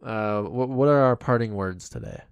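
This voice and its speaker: A man's voice: on the low side, big pitch swings, normal speed, gravelly, clear, resonant tone, no room sound. A man co-hosting a podcast in casual comedic chat, joking and riffing playfully. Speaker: podcast co-host.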